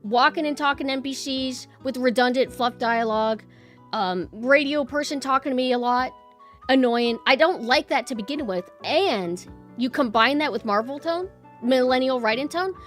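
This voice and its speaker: A woman's voice: sits high, moderate pace, a bit bright, faint music behind. Blunt young woman ranting on stream. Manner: ranting, blunt, swears freely. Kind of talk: casual chat with viewers.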